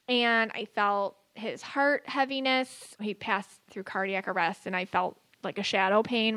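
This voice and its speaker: A woman co-hosting a podcast as a psychic, chatting casually and telling stories in an animated way with frequent laughter. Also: a little high, no room sound. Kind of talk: casual chat and storytelling.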